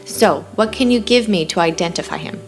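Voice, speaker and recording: A woman's voice: mid-range voice, a little fast, soft background music, lightly acted. A woman voicing Alan, a kind homeless man. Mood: teasing. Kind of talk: audiobook dialogue.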